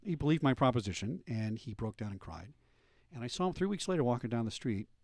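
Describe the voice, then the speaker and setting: A middle-aged man hosting a radio talk show, telling police stories with lively animated delivery. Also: medium pitch, quick pace, no room sound, studio quality. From United States. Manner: animated storyteller, acts out voices in anecdotes.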